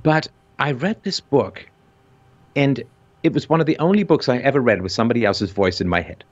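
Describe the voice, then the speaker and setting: A man's voice: medium pitch, muffled recording. A man with a vaguely British colonial accent, hosting an intense discussion and rising sharply when stressing a point. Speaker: podcast host.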